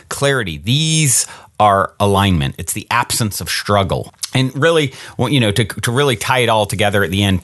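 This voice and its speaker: A man's voice: on the low side, fairly bright tone, no echo, clean studio sound. A man hosting a reflective solo podcast, talking earnestly and encouragingly and putting rhetorical questions to his listeners. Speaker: podcast host.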